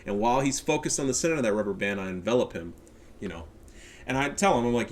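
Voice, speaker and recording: A man's voice: mid-range voice, lively intonation, fast talker. A man with a stuffy nose giving casual, profane and cocky commentary on a strategy game match. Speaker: game caster.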